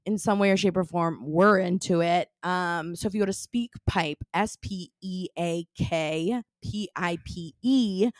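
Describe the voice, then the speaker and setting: A woman's voice: a little slow, hardly any pauses, no echo. Young female podcast co-host, casual and bubbly, dry booth sound. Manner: chatty, lots of fillers, bubbly swings in pitch. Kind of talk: casual chat.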